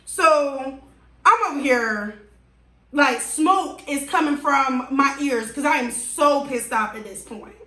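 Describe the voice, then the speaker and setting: A high-voiced woman vlogger recounts a story with exasperated, animated emphasis, taking her time over the words. Her voice rings in a roomy, echoing space. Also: takes it slowly. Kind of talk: storytime vlog. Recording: roomy echo.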